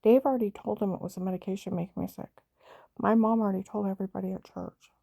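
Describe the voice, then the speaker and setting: Speaking fast in a steady, creaky yet mellow medium-pitched voice, a middle-aged mother rambles emotionally through a painful family story. She uses lots of fillers and restarts, and the recording is dry.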